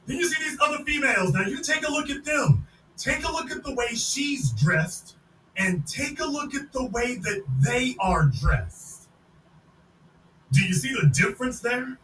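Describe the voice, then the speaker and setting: A man hosts a podcast, loudly mocking a video and repeating himself for effect. His voice is very high and bright. He sounds distant in an echoey room with faint noise behind. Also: sing-song, a little slow. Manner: mocking, loud, repetitive. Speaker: podcast host. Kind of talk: casual commentary on a video.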